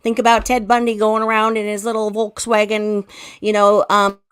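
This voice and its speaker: A woman's voice: mid-range voice, level tone, normal speed, clean tone. A woman from the Pacific Northwest chatting casually and explaining with vivid examples. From Pacific Northwest, United States. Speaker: guest explaining narcissism. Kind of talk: casual chat.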